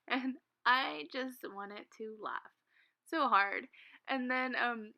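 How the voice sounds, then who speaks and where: Giggly, chatty young woman, slightly high. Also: steady tone, slow pace, bright, forceful tone. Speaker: Sims content creator. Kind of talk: casual storytime chat.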